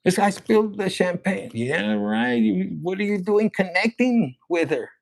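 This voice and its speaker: A man giving a casual tarot reading, rambling, profane and excitable. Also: high-pitched, a little slow. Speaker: tarot reader.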